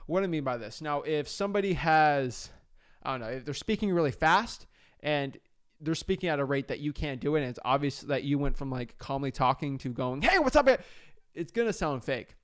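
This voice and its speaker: Energetic young man coaching, clear voice. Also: on the high side, brisk. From South Florida, US. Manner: energetic, conversational, frequent fillers and restarts. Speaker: real estate wholesaling coach. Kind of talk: casual instructional talk.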